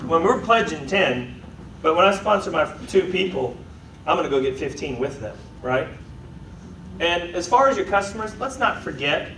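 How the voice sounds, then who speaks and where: A man giving a motivational sales talk to a live audience, lively and joking, often checking in with the room. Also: fairly high pitch. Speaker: sales trainer. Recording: echoey room, voice from far off, faint noise.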